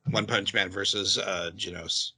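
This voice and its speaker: A man's voice: low voice, fairly even intonation, measured pace, bright, forceful tone, slightly rough. A man co-hosting a podcast, hesitant and full of fillers, giving blunt opinions. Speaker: podcast co-host. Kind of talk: casual chat.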